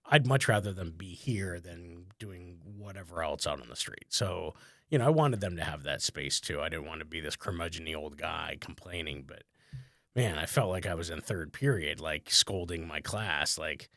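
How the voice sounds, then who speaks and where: A man with a very low voice spins a loose, rambling story in relaxed podcast chat. He fills his sentences with "like", chuckles as he goes, and pokes fun at himself. The sound is close and dry, with no room echo. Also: moderate pace. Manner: rambling, conversational, many "like" fillers, chuckles often. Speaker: comedian and podcast host.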